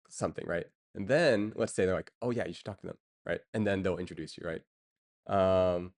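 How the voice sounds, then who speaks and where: A man chats casually on a stream in a slightly low voice. He rambles with many fillers and breaks into chuckles now and then. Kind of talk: casual chat.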